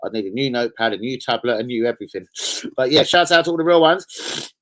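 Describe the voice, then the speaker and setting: A young man, hosting a loose, sweary live stream and shouting out his viewers. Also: mid-range voice, animated, fast talker, poor audio. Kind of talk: casual live stream chat.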